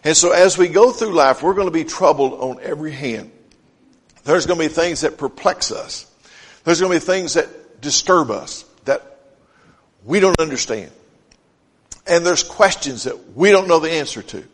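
A pastor preaching a sermon who reads scripture aloud and drives home each point with short repeated phrases. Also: male voice, fairly high pitch, expressive, normal speed, pauses often. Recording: long hall reverb.

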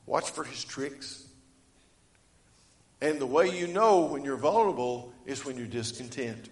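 A man preaching a sermon, reading scripture and swinging between loud emphatic lines and quiet ones. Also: lively intonation, unhurried, roomy sound. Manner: rises to loud emphatic preaching, then drops low; reads scripture aloud in old-fashioned wording. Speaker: pastor.

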